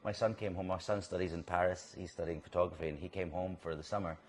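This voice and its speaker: A middle-aged Scottish man chatting in an interview, telling animated stories and restarting sentences as he goes. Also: sits low, fast, slight background noise. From Scotland. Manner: animated storyteller, restarts and laughs mid-sentence. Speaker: actor guest. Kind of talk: casual interview chat. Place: whisky bar in a city centre.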